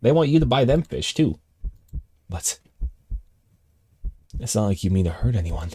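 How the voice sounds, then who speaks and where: Lively low-voiced man reading game text. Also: normal speed, slightly rough, no echo. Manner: animated, jumps between calm narration and excited outbursts. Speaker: streamer. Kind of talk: reading a text game aloud with live reactions.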